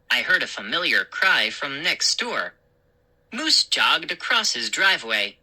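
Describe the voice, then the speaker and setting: Woman storyteller, slow pace, lively pitch, very bright tone, lowish voice. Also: low-quality recording. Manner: expressive, unhurried. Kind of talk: reading a children's story aloud.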